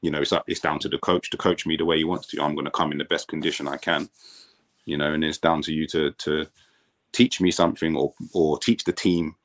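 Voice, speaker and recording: A man with a very low, deep voice talks easily as a podcast guest, a former pro footballer looking back on his playing days. He tells his stories in a relaxed, conversational way and often doubles up words when he starts a sentence. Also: fairly quick. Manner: relaxed storytelling, repeats words as he restarts. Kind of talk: casual podcast chat.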